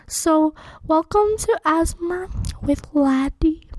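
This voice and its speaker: A woman's voice: extremely high pitch, unhurried, no echo, poor audio. A woman doing a playful mock ASMR intro, mock-soothing and slipping into whispers.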